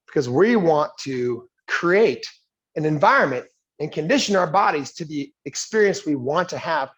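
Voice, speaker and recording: A man leading a live coaching workshop in a yoga studio, with a voice that sits a little high for a man. He keeps it conversational, often checks in with "right?", and slips into quick character voices to act out everyday scenes. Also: husky, highs cut off. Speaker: leadership coach.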